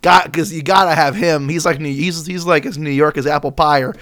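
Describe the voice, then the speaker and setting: A man's voice: a little high, fairly even intonation, brisk, a bit bright. A man co-hosting a casual comedy podcast, rambling through crude, playful bits and laughing often. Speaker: podcast co-host.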